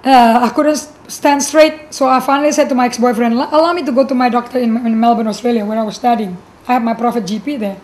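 High-voiced woman telling her testimony. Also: quick pace, few pauses. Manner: animated storytelling, acting out dialogue. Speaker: pastor giving a testimony. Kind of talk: personal testimony.

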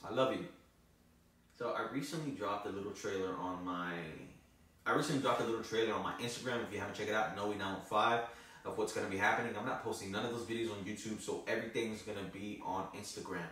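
A man's voice: on the low side, quick pace, a bit bright. A man telling a story in a loose, profane, casual vlog style. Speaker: vlogger. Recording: echoey, from far off the mic.

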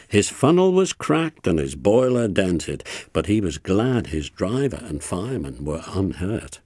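Husky, slow male storybook narrator. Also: fairly low pitch, dry recording, studio quality. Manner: lively, expressive storytelling.

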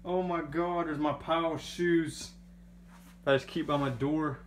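A young man chatting casually into a handheld camera mic, excitable and prone to repeating himself and laughing. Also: a little high, moderate pace, a little hiss or hum. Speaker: gaming vlogger.

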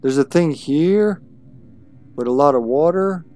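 Streaming a game live, a man with a fairly high, warm, expressive voice chats casually with his viewers at an unhurried pace. He swears freely as he plays and comments on the action.

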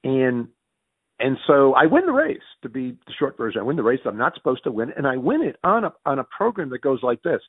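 A man's voice: mid-range voice, sing-song, breathy edge, dry recording. A middle-aged American man telling long personal stories in a conversation, jumping through them with restarts and quoted dialogue. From United States. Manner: rapid self-correcting anecdotes with quoted dialogue. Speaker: interview guest. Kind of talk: animated storytelling in conversation. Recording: dry sound over a phone-like line.

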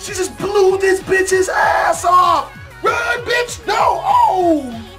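A man hosting a reaction video, shouting profane exclamations and laughing as he comments. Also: very high voice, sing-song, extremely slow, music in the background, a crowd in the background.

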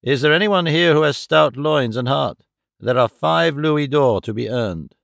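A man's voice: fairly high pitch, lively intonation, a little slow, vocal fry, a bit bright, dry recording, clean studio sound, full character voice. A man reading an urgent, earnest mayor. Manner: urgent, pleading.

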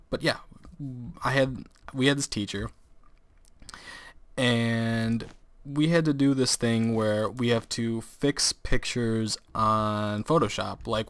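A man's voice: lowish voice, fairly bright tone, smooth, no room sound. Teenage male gameplay commentator; casual, rambling storyteller who laughs a lot. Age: teens.

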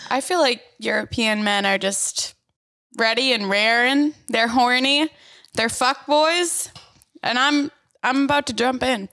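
A young woman co-hosts a casual podcast with a slightly high voice. She talks in a crude, animated way and jumps into quick bits and impressions. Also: no room sound. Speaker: podcast co-host. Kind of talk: casual chat.

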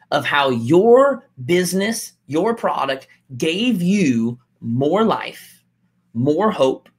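A man coaching his audience in a motivational talk. He is emphatic, repeats his key lines and acts out the doubts of the people he coaches. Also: on the high side.

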